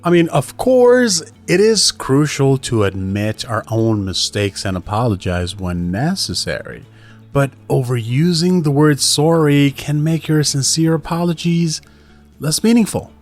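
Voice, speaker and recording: A man's voice: a little high, a little slow. Chatty man teaching English over faint music. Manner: chatty, lively, fillers like right and you know, acts out example lines. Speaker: English teacher, podcast host. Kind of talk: casual instructional talk.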